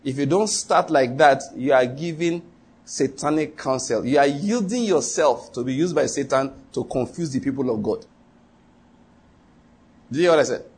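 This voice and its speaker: Husky-voiced male pastor preaching. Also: mid-range voice, moderate pace, a little mellow. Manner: emphatic, repetitive, quizzes the congregation. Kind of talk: sermon.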